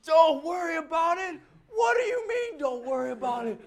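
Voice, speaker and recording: A man voicing an angry, indignant male homeowner who shouts complaints. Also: very high-pitched, little pitch movement, brisk, pitched above the performer's own voice. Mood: outraged yelling. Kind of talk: sermon anecdote.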